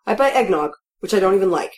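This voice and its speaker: Brief: female audiobook narrator, dry and wry, mid-range pitch, steady first-person delivery. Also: quick pace. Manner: wry, matter-of-fact, dryly humorous.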